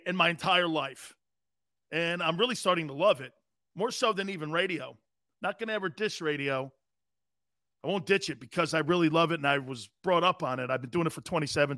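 A man's voice: a little high, sharp tone, no echo, clean studio sound. A middle-aged man hosting a live sports talk show, brash, boastful and rambling.

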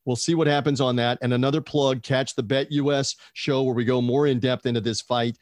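A man's voice: mid-range voice, fairly even intonation, brisk, a little mellow, dry recording, studio quality. A man co-hosting a casual boxing talk show, chatty and digressive, asking his co-host questions as he talks. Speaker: podcast co-host.

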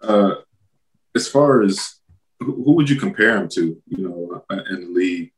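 A man co-hosting, asking questions in a halting way, repeating words as he goes. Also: low voice, expressive, rough recording. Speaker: podcast co-host. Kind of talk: casual interview questions.

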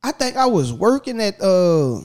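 High-voiced animated man. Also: measured pace. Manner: animated, acts out voices, laughs often. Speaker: podcast guest. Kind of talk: casual storytelling.

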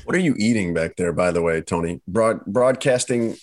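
Male podcast host, lowish voice, playful teasing banter. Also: normal speed, over music. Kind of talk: casual chat.

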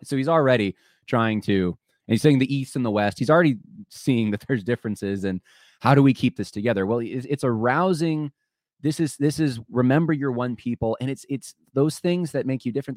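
A man hosts a solo podcast in a medium-pitched, darkish voice, recorded at studio quality with no room sound. He thinks aloud conversationally, often restarting sentences and speaking directly to his listeners.

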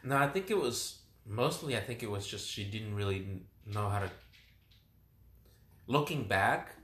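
A young man with a somewhat low voice talks through his thoughts in a slow, reflective way, halting and restarting his sentences. His voice carries the echo of a roomy space around him. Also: lively intonation, fairly bright tone. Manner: reflective, hesitant, many restarts. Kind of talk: casual conversation. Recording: roomy echoing room.

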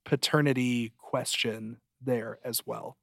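A man's voice: medium pitch, fairly even intonation, takes it slowly, vocal fry, no room sound, studio quality. A man co-hosting a podcast, chatting casually and jokingly about a TV show, his voice jumping up when he gets emphatic. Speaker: podcast co-host. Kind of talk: casual chat reviewing a TV show.

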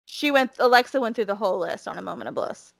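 A woman's voice: mid-range voice, lively intonation, quick pace, vocal fry, no room sound. A woman with a Southern accent chatting casually as a podcast co-host, emphatic and full of restarts. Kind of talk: casual chat about wrestling.

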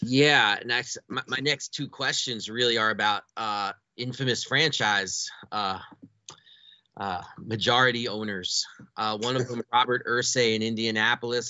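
A man interviewing a guest, asking long, measured questions. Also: on the low side, fairly even intonation, bright, forceful tone, no room sound, muffled recording. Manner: measured, building up questions at length.

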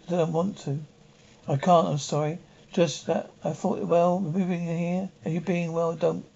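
An actress playing a dreamy, soft-spoken young wife, from a 1960s television drama. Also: female voice, fairly low pitch, fairly even intonation, normal speed, creaky. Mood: pained. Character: dreamy young wife drawn to an old house. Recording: dull 1960s television soundtrack.

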